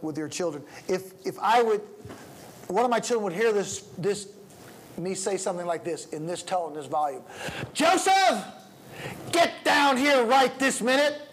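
A man's voice: high voice, slight background noise. A middle-aged man, a pastor, teaching a preaching workshop, shifting his pace and volume to demonstrate and chuckling now and then.

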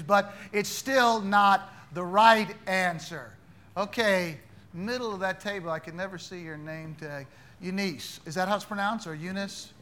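A man with a high, ringing voice leads a Bible class, firing questions at the room. His tone is bright and forceful, and he teases wrong answers with playful mock-gravity. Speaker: Bible study teacher.

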